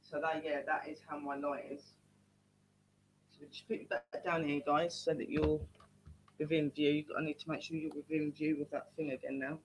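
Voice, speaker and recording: A woman's voice: deep voice, flat delivery, normal speed, a little hiss or hum, poor audio. A woman leading a paranormal team, chatting casually to viewers during a live-streamed ghost hunt from her home, often calling them "guys". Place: at home indoors.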